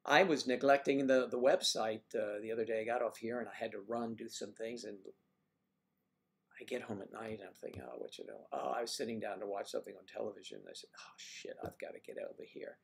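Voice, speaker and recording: A man's voice: lowish voice, fast, gravelly. An older man hosting a casual livestream, musing aloud and trading folksy sayings in a loose, rambling way. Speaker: livestream host.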